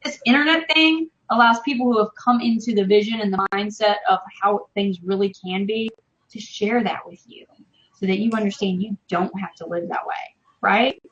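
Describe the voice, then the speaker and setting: A woman in her thirties talks with fierce, emphatic passion, swearing freely in the heat of her point. Her voice sits at an ordinary pitch for a woman. The audio from her video call comes through a little muffled and lo-fi. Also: fairly even intonation, moderate pace, fairly bright tone. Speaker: interview guest, online business marketer. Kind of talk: casual live-stream interview.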